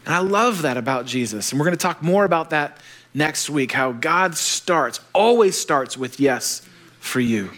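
A man preaching a sermon, animated and joking, acting out the voices of the people he quotes. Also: on the high side. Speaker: pastor.

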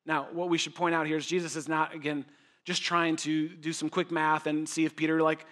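A man's voice: fairly high pitch, level tone, brisk, fairly bright tone. A man preaching a sermon as pastor, emphatic and conversational, repeating phrases for effect and joking with his listeners.

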